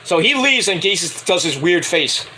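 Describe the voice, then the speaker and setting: A man giving a rambling, casual spoken review of a wrestling show, excitable and swearing freely. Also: high voice, normal speed, a little hiss or hum, rough recording.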